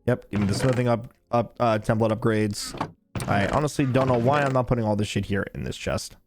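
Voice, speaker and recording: A man's voice: mid-range voice, steady tone, a little fast, music in the background. A tired man live-streaming a game, chatting casually, swearing freely and laughing often. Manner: laid-back, swears a lot, laughs often.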